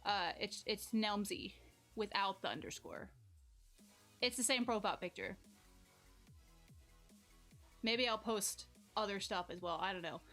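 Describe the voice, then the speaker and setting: Juggling and working up a sweat at home, this young streamer yelps now and then while chattily reading her chat aloud on a corded mic. Her medium-pitched voice is sharp in tone, a little slow and often pausing, over soft background music.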